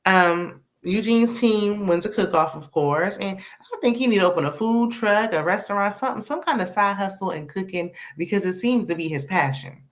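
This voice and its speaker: A woman's voice: medium pitch, moderate pace. A woman recapping a reality show in a casual, sassy way, laughing often and tossing in "okay?" and "honey". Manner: laughs often while talking.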